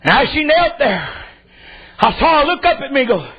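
A middle-aged man preaching a shouted revival sermon, fervent and rhythmic, repeating phrases. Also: extremely high pitch, big pitch swings, moderate pace, pauses often, a little hiss or hum. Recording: lo-fi church recording with congregation. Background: responding congregation.

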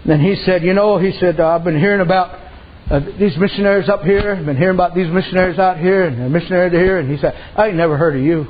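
A man's voice: high voice, quick pace, muffled recording. A man preaching a sermon as pastor, telling folksy stories and acting out the people in them. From Native American reservation community. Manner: folksy storytelling preacher, acts out voices.

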